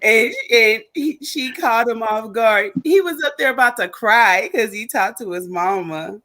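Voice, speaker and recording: A woman's voice: fairly high pitch, unhurried, bright, forceful tone. A woman co-hosting a live stream, joking and teasing in casual banter. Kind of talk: casual chat.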